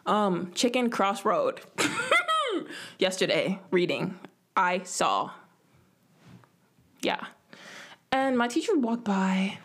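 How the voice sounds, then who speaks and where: A young woman hosting a solo podcast, telling a rambling, self-mocking story and acting out quoted lines in a whisper. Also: mid-range voice. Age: young adult. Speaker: podcast host. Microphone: home podcast mic.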